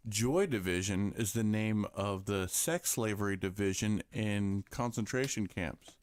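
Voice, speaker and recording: A man's voice: lowish voice, a little slow. A man co-hosting a podcast, chatting casually with short blunt remarks and casual swearing. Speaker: podcast co-host. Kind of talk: casual chat.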